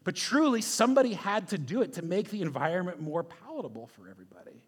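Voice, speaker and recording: Guy preaching a sermon, chatty and emphatic, keeps saying right?, kinda high voice. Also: big pitch swings, quick pace, breathy edge. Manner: conversational, emphatic, frequent "right?" asides. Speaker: pastor.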